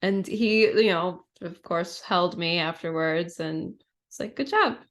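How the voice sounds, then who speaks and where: A woman's voice: on the low side, steady tone, slow pace. A woman guest on a podcast, telling a personal story in a reflective, casual way, full of "like" and "you know.".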